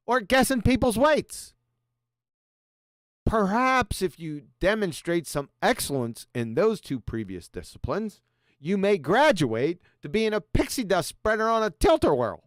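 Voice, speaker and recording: A man's voice: high-pitched, sing-song, unhurried, pauses often, a bit bright, dry recording, clean studio sound. A man hosting a show, mocking a video in abrasive, profane commentary. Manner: sarcastic, abrasive, swears a lot. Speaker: show host reacting to a video.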